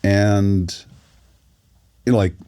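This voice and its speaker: Deep-voiced man telling stories. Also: extremely slow, smooth. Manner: relaxed anecdotal storytelling with fillers. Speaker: actor and audiobook narrator, guest. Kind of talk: casual storytelling interview.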